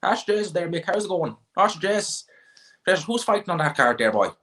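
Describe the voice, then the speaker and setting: A man voicing a nosy old Midlands Irish farmer, set in his ways, in a high, sing-song put-on brogue with blunt pub-talk gossip. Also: very animated, brisk, a bit bright. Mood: gossipy. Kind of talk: comic impression on a livestream.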